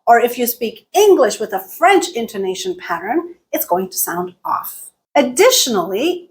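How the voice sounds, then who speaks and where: A woman teaching English pronunciation in an online lesson, explaining clearly and steadily and checking in with "right?". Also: fairly high pitch.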